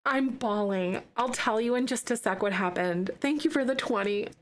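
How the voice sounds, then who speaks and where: A woman streaming live, chatting casually with lots of fillers and bursts of excitement. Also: fairly high pitch, fairly quick.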